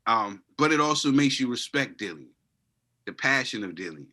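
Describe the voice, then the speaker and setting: A man's voice: medium pitch, sing-song, moderate pace, bright, forceful tone. A man co-hosting a boxing podcast, chatting casually with playful catchphrases and call-outs to viewers. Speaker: podcast co-host. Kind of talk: casual chat reacting to a documentary.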